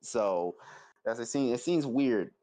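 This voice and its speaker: A man's voice: medium pitch, expressive, slow pace, mellow. A man chatting as a guest on a live stream, stammering and restarting his sentences. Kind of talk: casual chat.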